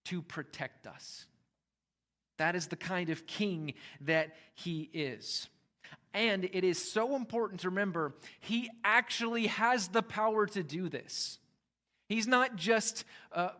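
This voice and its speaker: A man preaching a sermon as pastor, talking conversationally with emphatic rises and quiet drops. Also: sits high.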